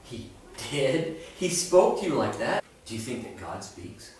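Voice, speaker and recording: A woman's voice: a bass voice, sing-song, measured pace, darkish tone, a little hiss or hum. A woman playfully interviewing young children with teasing questions and exclamations. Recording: echoey room from far off, music behind. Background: music.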